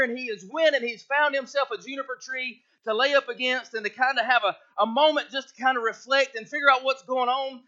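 High-voiced preacher, lo-fi recording. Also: male voice, pushed and bright. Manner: preaching with rising intensity, reading scripture aloud. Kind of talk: sermon.

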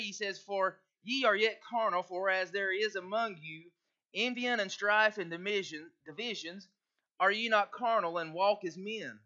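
A man's voice: sits high, pushed and bright. A male pastor, preaching a folksy sermon and reading scripture aloud. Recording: muffled lo-fi recording.

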